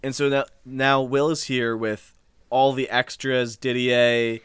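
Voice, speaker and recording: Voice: medium pitch, little pitch movement, slow, a bit bright, clean tone, dry recording, clean studio sound. A podcast co-host in casual chat who recalls plot details hesitantly, often stopping to search for them.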